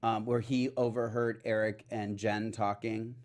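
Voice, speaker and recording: A man's voice: on the low side, flat delivery, measured pace, a little mellow. A man co-hosting a soap opera recap podcast in casual chat, with sassy, dismissive asides. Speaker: podcast co-host.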